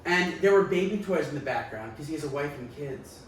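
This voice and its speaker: A man with a fairly high voice trades frank, crude jokes in casual podcast banter, repeating lines for effect. He is set back from the microphone in a very echoey room with light noise. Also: lively intonation, fairly quick, far from the mic. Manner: frank, joking, repeats himself. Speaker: podcast co-host.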